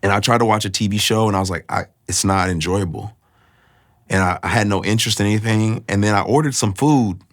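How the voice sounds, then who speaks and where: A man sharing a personal faith testimony, earnest and confessional, often pausing to find his words. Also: on the low side.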